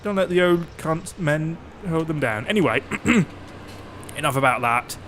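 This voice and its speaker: A man rambles through a gameplay session in loose, joking chat, swearing now and then. His voice sits a little higher than most men's, and there's a faint hiss of noise under it. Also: lively intonation, a bit bright. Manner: chatty, jokey, swears freely, puts on quick mock voices. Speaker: gameplay streamer. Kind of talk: casual rambling chat while playing.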